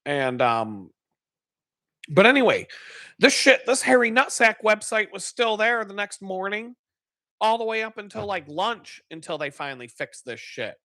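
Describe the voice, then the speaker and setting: A man's voice: high-pitched, big pitch swings, normal speed, bright, forceful tone, no room sound, studio quality. A man hosting a live stream, chatting casually and telling a story full of swearing, acting out his own angry outbursts. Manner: swears heavily. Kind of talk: casual chat.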